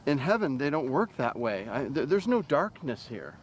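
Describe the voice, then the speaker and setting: A man playing a hesitant, gentle heavenly spirit. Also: medium pitch, very animated, moderate pace, crowd noise, lightly acted. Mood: coaxing. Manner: hesitant, stammering, soft-spoken. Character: gentle male spirit guide in heaven, patient. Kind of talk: film drama dialogue.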